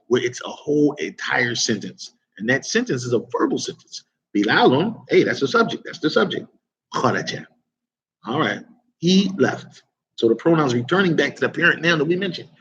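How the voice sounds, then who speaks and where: A man's voice: mid-range voice, highs cut off. A man teaching an Arabic grammar class in a casual, chatty way, often asking the class rhetorical questions.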